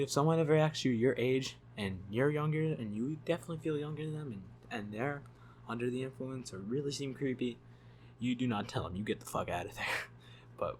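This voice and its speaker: A man telling a story for his channel in a loose, rambling way, swearing freely and laughing as he talks. His voice sits at an everyday middle pitch, with a faint hum in the background. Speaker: YouTube storyteller. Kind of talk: casual storytelling vlog.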